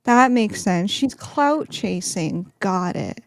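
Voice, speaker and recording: A woman's voice: medium pitch, animated, slow, gravelly, heavy background noise. A woman appearing as a guest on a casual livestream, blunt and mocking, swearing freely.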